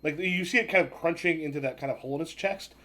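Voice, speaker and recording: A man runs a tabletop game as its game master, his voice sitting a little high. He narrates in a rambling, halting way, full of fillers and restarts. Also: pushed and bright.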